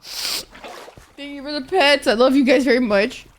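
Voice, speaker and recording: Her voice is high and unhurried as she chats with viewers during a game stream, crying and effusive, cursing openly in her thanks. Background music and slight noise can be heard.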